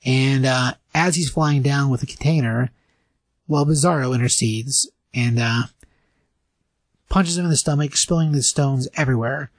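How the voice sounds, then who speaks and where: A man co-hosting a casual podcast, recapping a comic story in a rambling way and briefly acting out lines in higher voices. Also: normal speed, no echo. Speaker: podcast co-host reviewing comics.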